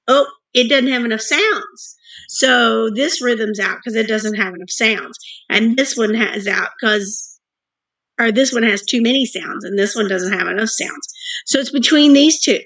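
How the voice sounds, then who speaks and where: Woman, music teacher, distance-learning lesson; unhurried, crisp, sounds out every word for young students. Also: on the high side, fairly bright tone. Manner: slow, clear, sounding out words for young students.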